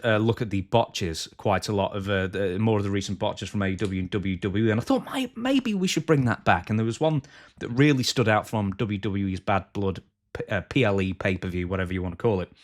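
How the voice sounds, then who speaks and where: A man co-hosting a podcast, keeping the conversation moving and introducing segments. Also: fairly low pitch. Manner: steers the conversation and moves segments along. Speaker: podcast co-host. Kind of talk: casual podcast chat.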